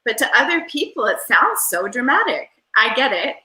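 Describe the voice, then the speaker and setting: Woman, airy valley-girl delivery, rambling with fillers, higher voice, video call. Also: sing-song, normal speed, pushed and bright. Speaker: interview guest. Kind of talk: casual conversational interview. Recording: roomy echo.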